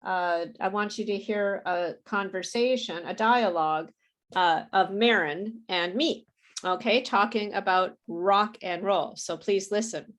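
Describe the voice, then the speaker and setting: Woman teacher going really slow through english pronunciation drills, patient, laughs a bit. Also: mid-range voice, fairly bright tone. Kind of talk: live online pronunciation lesson.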